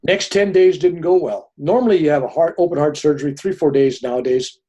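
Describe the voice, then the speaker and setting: Older male guest telling a long personal story, lively and chatty, with a husky edge. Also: on the high side, brisk. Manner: animated storyteller, often adds "right?". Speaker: podcast guest.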